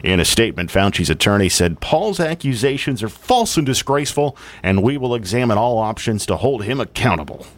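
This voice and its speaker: A man's voice: on the low side, sing-song, fairly quick, few pauses. A man hosting a morning radio talk show, chatting casually and laughing often. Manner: laughs often, blunt quips.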